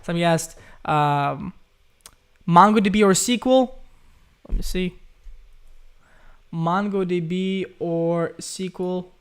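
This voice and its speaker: A man's voice: sits high, slow pace, pauses often, smooth. A young man from Ukraine hosting a casual live stream, chatting loosely as he reads viewers' questions aloud and keeps calling them guys.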